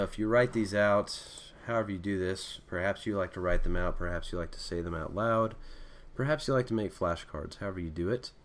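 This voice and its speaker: A man teaching a casual screen-recorded lesson, thinking aloud as he writes and correcting himself as he goes. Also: deep voice. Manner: relaxed, thinking aloud with fillers and self-corrections. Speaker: Greek teacher.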